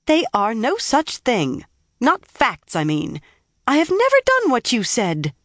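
A proud young village healer woman, stubborn and quick to bristle, as a woman narrator puts her on. Her voice sits low and turns flustered under pressure. Close, dry audiobook recording. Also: dry recording, close to an everyday voice. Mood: defensive. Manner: flustered and defensive.

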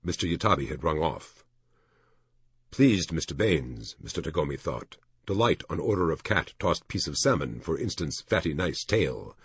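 A man narrating an audiobook in an expressive storytelling manner. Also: very deep voice, normal speed, slightly rough, no room sound, clean studio sound.

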